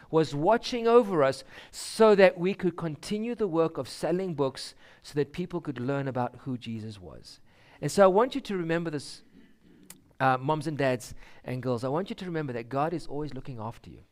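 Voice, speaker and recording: Animated man telling a church story. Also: on the high side, moderate pace. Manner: animated storytelling with voiced characters. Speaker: speaker giving a children's story. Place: church sanctuary.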